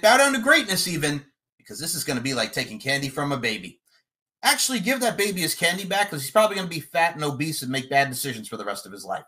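A man cutting a boastful, profane wrestling trash-talk promo, taunting his opponent and breaking into shouted lines. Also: on the high side, slightly rough. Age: adult, podcasting eight years. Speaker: podcast promo contestant.

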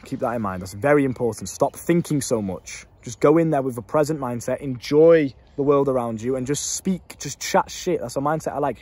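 Young guy ranting dating tips super fast, kinda husky, swears a lot. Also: medium pitch, a little mellow. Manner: blunt, swearing, laughs at himself. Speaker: dating coach. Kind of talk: casual advice monologue to camera.

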